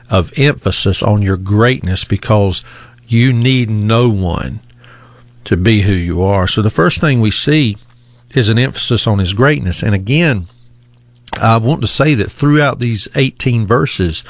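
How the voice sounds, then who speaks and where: A man delivers a sermon in a fairly low voice, earnest and measured. He leans on key words, drawing them out and repeating his points for emphasis. The sound is dry and close, with no room echo. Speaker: preacher.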